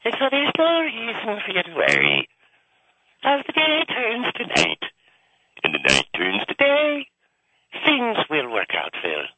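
Brief: man doing an ex-cop Irish priest, lilting, pitch swinging wildly, bright tone. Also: wildly swooping pitch, unhurried, no room sound, highs cut off, heavily acted. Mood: preachy. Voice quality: lilting, sing-song preachy delivery. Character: pious yet violent Irish priest, ex-cop, older man. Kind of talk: comedy radio sketch.

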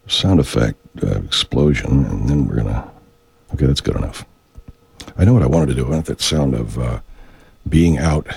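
A man's voice: very deep voice, vocal fry, slightly rough, no echo. A man hosting a radio show, rambling in a profane, meandering monologue that keeps getting sidetracked. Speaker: radio host.

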